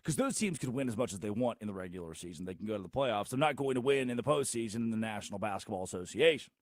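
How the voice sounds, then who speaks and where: A man hosting a sports talk show, delivering a theatrical monologue full of sarcastic rhetorical questions and big swings in loudness. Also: fairly low pitch, expressive, fast, dry recording, clean studio sound. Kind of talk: animated monologue.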